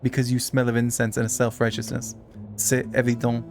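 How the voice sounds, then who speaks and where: A man voicing a haughty, dismissive male frog-man with a put-on French accent, gravelly in tone. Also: medium pitch, monotone, fairly quick, faint music behind, natural voice. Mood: scornful. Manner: dismissive, sniffy.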